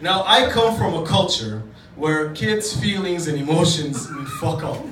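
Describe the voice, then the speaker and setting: A man from Djibouti works a comedy club crowd with casual, profane storytelling at his own expense, drawing laughter. He speaks at a measured pace with a fairly high pitch and lively intonation, recorded far from the mic in an echoey club full of loud ambience and background noise.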